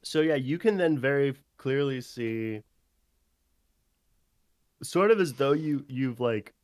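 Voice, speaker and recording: A man's voice: medium pitch, slow pace, a little mellow, no echo, studio quality. A man narrating as game master, rambling casually with fillers.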